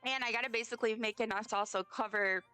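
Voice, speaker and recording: A tired woman streams a game and chats away, rambling and joking at her own expense. Her voice sits a little high and rings bright and smooth. Soft music plays underneath her. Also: fairly even intonation, quick pace. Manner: chatty, self-deprecating, rambling. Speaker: live streamer. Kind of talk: casual chat while playing a game.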